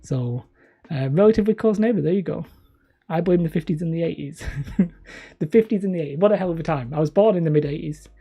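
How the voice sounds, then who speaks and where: Husky, mellow-voiced man in his thirties. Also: on the high side, quick pace, lo-fi sound. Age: 30s. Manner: rambling, self-mocking, chuckling. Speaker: hobby terrain channel host. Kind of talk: casual live-stream chat with viewers.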